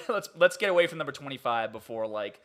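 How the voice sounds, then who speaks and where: A young man hosting a podcast, talking in an animated, incredulous way and laughing often. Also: on the high side, a little fast. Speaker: podcast host. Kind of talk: casual podcast chat.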